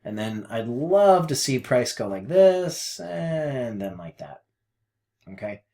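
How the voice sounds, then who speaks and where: Male trading coach, casual screen-share chat, rambling and self-mocking, pitch jumps all over. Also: takes it slowly. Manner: rambling, self-deprecating, animated swings between mutters and outbursts; mild cursing, folksy phrases. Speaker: forex trading mentor.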